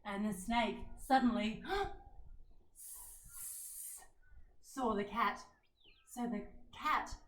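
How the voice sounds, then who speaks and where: A woman leading a children's yoga lesson in a gentle, coaxing way, asking the kids questions as she guides them. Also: mid-range voice. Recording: roomy sound from a distant mic.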